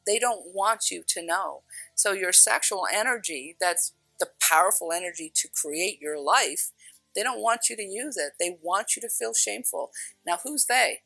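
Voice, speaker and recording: A woman's voice: mid-range voice, normal speed, gravelly, sharp tone, dry recording, faint music behind, low-quality recording. A woman giving a spiritual teaching talk, earnest and emphatic, repeating phrases for stress.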